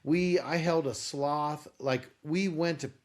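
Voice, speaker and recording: A man speaking as a guest on a podcast interview, with a voice that sits a bit high for a man. He tells his story in an animated way, playing out both sides of each conversation. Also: takes it slowly. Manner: animated storyteller acting out dialogue.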